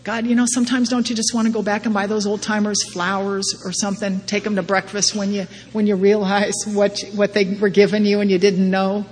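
A woman's voice: mid-range voice, level tone, a little fast, hardly any pauses, a little mellow. A middle-aged woman giving a personal testimony talk at a recovery meeting, wry and self-deprecating, often laughing at herself. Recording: long hall reverb, faint background noise.

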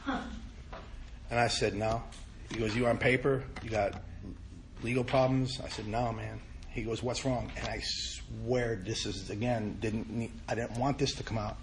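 A middle-aged man sharing his own recovery story, talking in an animated way, his voice climbing for emphasis and sinking when he turns reflective. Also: lowish voice, a little slow, a little hiss or hum. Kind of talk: personal testimony talk.

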